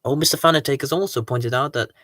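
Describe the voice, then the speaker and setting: A host of a live Q&A stream, greeting viewers and reading their comments aloud in an excitable, sing-song way. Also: medium pitch, fast talker, dry recording, clean studio sound.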